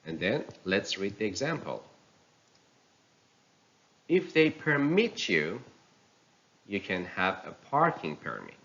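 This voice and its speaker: Slow, careful male pronunciation teacher. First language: Persian. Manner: deliberate, careful enunciation with lively pitch. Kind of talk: slow instructional reading of word lists. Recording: dull lo-fi recording.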